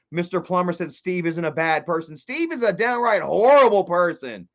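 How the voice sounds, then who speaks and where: A man hosting a casual livestream, reading chat and commenting in an excitable, profane way that swings from loud outbursts to low muttering. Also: normal speed, hardly any pauses. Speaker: livestream host. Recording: dull lo-fi stream audio.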